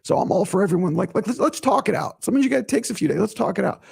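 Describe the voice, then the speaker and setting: A man hosting his own podcast talks casually on his own in a high, racing voice with hardly any pauses. His voice is raspy and gravelly, strained while it recovers. He's animated and emphatic, repeating himself when he gets worked up.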